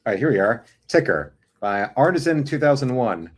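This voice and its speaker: A man's voice: medium pitch, sing-song, normal speed, breathy edge. A man with a mid-range voice hosts a casual stream. He jokes with his friends and reads a film review aloud at an easy pace. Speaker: host of an art stream.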